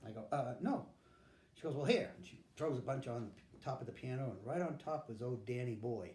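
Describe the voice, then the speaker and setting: An older veteran being interviewed recounts his life frankly, performing the quotes of those he describes. His mid-range, mellow voice moves fairly quickly in an echoey room with slight background noise.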